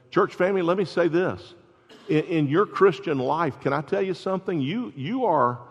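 A pastor preaching a sermon, building to loud, emphatic exclamations. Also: male voice, fairly high pitch. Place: church sanctuary. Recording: dull sound with long hall reverb.

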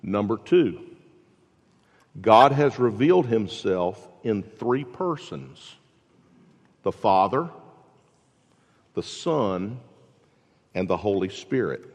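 A man's voice: fairly low pitch, animated, takes it slowly, long pauses. Preaching man in an echoing hall. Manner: preaching with rhetorical questions, swings from loud to hushed. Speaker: pastor. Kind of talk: sermon. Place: church sanctuary. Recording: long reverb in a large hall.

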